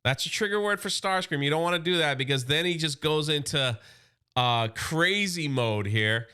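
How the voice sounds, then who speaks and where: A man's voice: a little high, lively intonation, moderate pace, bright, forceful tone, clean tone. A man doing a casual, enthusiastic comic book recap, loosely acting out the characters' quotes.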